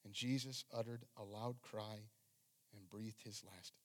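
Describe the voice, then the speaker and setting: A man's voice: on the low side, steady tone, measured pace. A man preaching a sermon as pastor, reading scripture and speaking with fervent emphasis.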